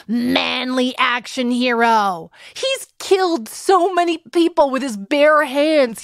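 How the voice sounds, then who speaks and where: Animated woman hosting a comedy podcast. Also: high-pitched, no echo, clean studio sound. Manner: animated, playful, quick asides. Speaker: podcast host.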